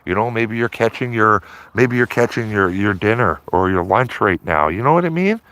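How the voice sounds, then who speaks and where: A man's voice: fairly low pitch, lively intonation, normal speed, a bit bright. A man chatting casually to his livestream viewers from outdoors by a river, rambling and repeating himself, ending phrases with "man". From Canada. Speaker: livestreaming auditor.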